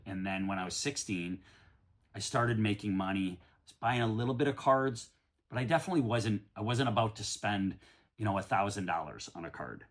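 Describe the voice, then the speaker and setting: A middle-aged man from the United States, rambling casually through a card-break vlog and often breaking into excited shouts. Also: lowish voice. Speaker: card collector opening packs.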